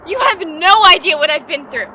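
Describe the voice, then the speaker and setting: A woman's voice: very high voice, lively intonation, moderate pace, recorded from a distance, a little hiss or hum, exaggerated voice. An actress playing a young woman who answers an accusation with hurt and anger. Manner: soft, then hurt and indignant.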